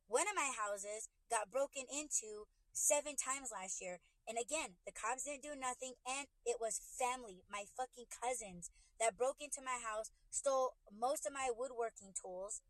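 This woman podcast host, ranting casually on a livestream from her car, speaks into a phone at a normal speed with few pauses. Her voice sits fairly high and the recording is dry. Blunt and profane, she keeps restarting her sentences as she gets worked up.

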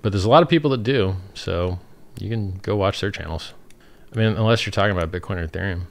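Quick and creaky, his low voice carries a livestream where he picks up chat questions and rambles through improvised answers. He often laughs at what he's just said.

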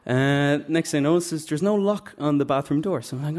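With a fairly high, slightly mellow voice at a normal speed, this Dubliner tells a self-deprecating, funny tale at a live story night. He has a Dublin Irish accent and acts out the voices from the stage.

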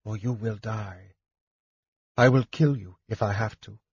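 A proud young warrior woman read by a man in a fantasy audiobook speaks firmly and defiantly. The voice is husky and unhurried. The recording is dry and slightly dull. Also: mid-range voice, a little mellow, dry recording.

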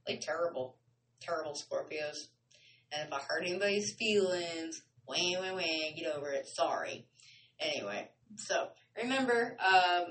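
A woman's voice: fairly low pitch, a bit bright, far from the mic, a little hiss or hum, poor audio. Woman host, loose and joking, a little off-mic. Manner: chatty, playful, slangy. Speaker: podcast host. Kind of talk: casual chat.

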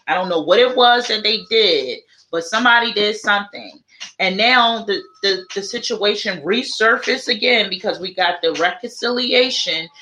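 A woman with a bright, clear tone gives a casual live tarot reading. She talks in a chatty, looping way, repeating her questions and thinking aloud as each card turns up. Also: medium pitch, rough recording. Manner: chatty, repetitive, thinks aloud while drawing cards. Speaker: tarot reader.

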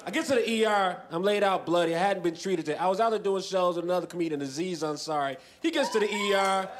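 A man in his twenties doing a stand-up comedy set on a festival stage, dry and deadpan, breaking into loud shouted voices. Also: sits high, fast talker. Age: 20s. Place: large festival stage with a laughing audience.

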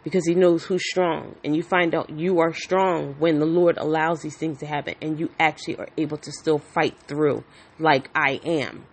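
A woman with a low, slightly rough voice speaks at a moderate pace and in a steady tone, telling a story frankly to the camera in a casual vlog monologue. Outspoken and occasionally swearing, she acts out the people she quotes.

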